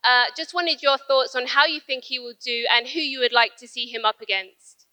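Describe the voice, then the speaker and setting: Woman running a panel q&a, bright clear voice, quick polite questions. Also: sits high, steady tone, rough recording. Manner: polite, brisk question asking. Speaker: moderator. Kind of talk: moderating a Q&A panel.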